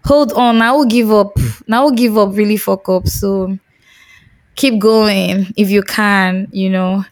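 A woman's voice: medium pitch, fairly even intonation, a little slow, dry recording. A Nigerian woman co-hosting a podcast, talking expressively in a casual chat and mixing Pidgin phrases into her English. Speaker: podcast co-host.

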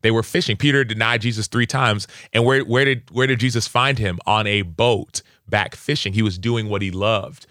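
A young adult man, a football player, telling earnest, animated stories as a podcast guest. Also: lowish voice, normal speed, hardly any pauses, no echo, clean studio sound. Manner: earnest, animated, lively acted-out quotes. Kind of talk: conversational interview storytelling.

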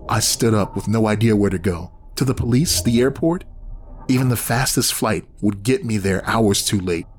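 Low-voiced man narrating horror. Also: moderate pace. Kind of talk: scripted horror audiobook narration.

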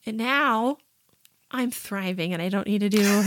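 A woman in her thirties co-hosting a casual podcast, animated and teasing with a theatrical edge. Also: mid-range voice, unhurried, no room sound. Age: 30s. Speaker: podcast co-host. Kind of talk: casual chat.

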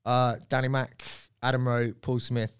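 A man from Surrey, a comedian guest on a podcast, telling stories in an animated way and swearing freely. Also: medium pitch, unhurried, clean tone. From Surrey, England. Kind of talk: casual podcast chat.

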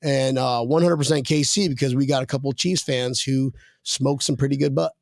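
A man's voice: mid-range voice, fairly even intonation, a little fast, gravelly, no room sound, studio quality. A man hosting a casual podcast chat, joking around and reading viewer comments aloud. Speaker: podcast host.

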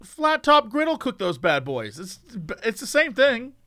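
A man co-hosting a casual podcast chat, teasing his partner with jokes and laughing quickly. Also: extremely high pitch, wildly swooping pitch, bright, forceful tone. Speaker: podcast co-host.

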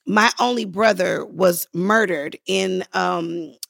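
A woman guest in a podcast interview, telling stories in a lively way and acting out the voices of the people she quotes. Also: slow pace, gravelly, dry recording, studio quality. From Los Angeles. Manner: acts out quoted voices with big pitch jumps, laughing, lively. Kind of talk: animated storytelling in a podcast interview.

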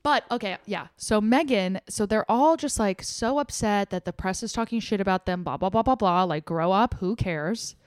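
A woman's voice: mid-range voice, normal speed, hardly any pauses, clear, resonant tone, no echo, studio quality. A young adult woman co-hosting a comedy podcast, gossiping in a brash, sarcastic, profane way. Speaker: podcast co-host. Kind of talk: casual comedic gossip chat.

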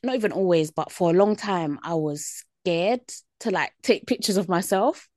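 Podcast co-host, woman in her twenties, lowish voice, dry close sound, unhurried storyteller. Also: a little mellow, no room sound. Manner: laid-back storytelling, many fillers. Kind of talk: casual chat.

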